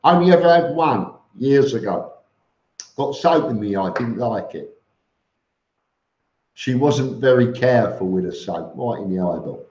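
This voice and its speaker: A man hosts a casual live stream, reading viewer comments aloud and answering them in a blunt, matter-of-fact way, with plenty of fillers and restarts. He speaks slowly. The audio is roomy and a bit dull and lo-fi. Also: mid-range voice, expressive, darkish tone. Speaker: vlogger answering live chat.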